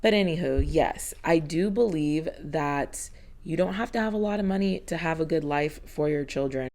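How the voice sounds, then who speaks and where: Woman, 30s, low-pitched vlog narrator; chatty and earnest, slightly breathless. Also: moderate pace, darkish tone. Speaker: homemaking vlogger. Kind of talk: casual voiceover narration.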